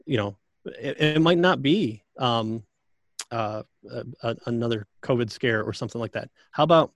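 Man talking in a dry, halting way. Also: mid-range voice, dry recording. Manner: halting, thoughtful, with frequent restarts. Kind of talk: casual conversation.

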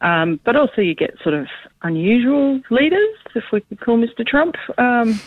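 A woman's voice: on the high side, animated, moderate pace, husky, no room sound. A woman academic speaking as a radio guest over the phone, thoughtful and hedging with frequent ums. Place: Queensland, Australia. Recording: tinny phone line.

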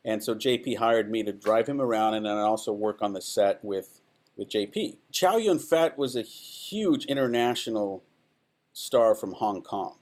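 A man from Texas whose first language is Spanish, a film director telling animated, enthusiastic stories as an interview guest. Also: fairly low pitch, a little slow. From El Paso, Texas. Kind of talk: casual anecdotal storytelling.

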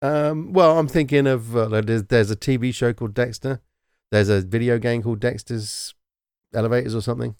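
A man's voice: mid-range voice, steady tone, fairly quick, a little mellow, clear, resonant tone, no room sound. A man who grew up in Britain, chatting casually as a podcast co-host, rambling through asides and laughing often. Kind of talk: casual chat.

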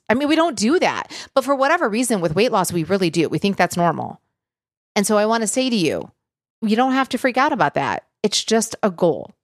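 A woman's voice: medium pitch, no room sound, studio quality. A woman weight loss coach giving an earnest, reassuring talk straight to her listeners. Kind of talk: motivational talk to viewers.

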